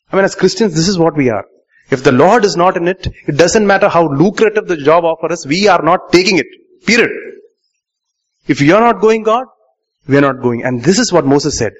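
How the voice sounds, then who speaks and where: A male pastor delivers a sermon, firing questions at the congregation and repeating lines for weight. His voice sits a little high for a man. The recording is muffled and dull. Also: lively intonation, normal speed, slightly rough.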